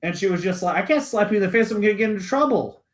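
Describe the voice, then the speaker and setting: Young man, high voice, profane storytelling, casual podcast chat. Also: rapid-fire. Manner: animated, profane, acts out quoted voices. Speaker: podcast co-host.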